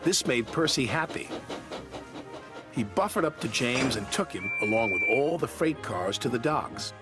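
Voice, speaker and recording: A man narrating a children's story in an expressive way. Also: medium pitch, measured pace. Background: music.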